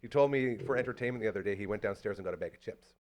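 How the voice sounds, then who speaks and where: A man hosting a casual local podcast, telling stories in a hyped, cheering way. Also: on the low side. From Canada. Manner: fast, hyped storytelling with lots of cheering. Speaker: podcast host.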